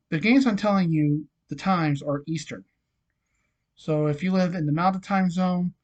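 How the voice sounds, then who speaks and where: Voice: medium pitch, darkish tone, muffled recording. A hockey vlogger with a frog in the throat and a nagging cough, casually running through scores, odds and picks with lots of fillers. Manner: chatty, many fillers, reads scores and odds. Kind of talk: casual sports picks rundown.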